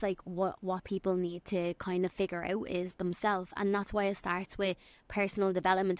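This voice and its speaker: A young woman from Dublin with an Irish accent, hosting a solo podcast and giving an excited, rambling life update. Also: lowish voice, no room sound. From Ireland. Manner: excited, rambling, quotes people in little acted voices. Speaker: podcast host and fitness coach.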